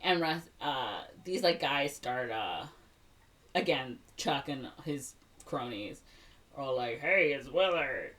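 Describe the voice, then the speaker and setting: A woman's voice: extremely low pitch, lively intonation, slow pace, a bit bright, distant mic. A woman co-hosting a podcast, retelling a movie in a casual chat, heavy on filler words and acting out the characters' lines. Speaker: podcast co-host.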